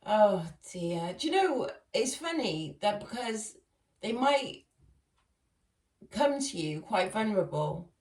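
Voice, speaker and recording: A woman's voice: mid-range voice, very animated, takes it slowly, darkish tone. A woman doing a casual tarot reading, chatty and laughing often as she talks to her viewers. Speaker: tarot reader. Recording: echoey room, far from mic.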